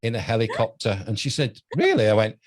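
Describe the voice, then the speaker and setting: A man's voice: fairly low pitch, steady tone, fast talker. Chatty British radio host in his sixties. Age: 60s. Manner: chatty anecdotal storyteller, laughs often. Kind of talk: casual interview chat.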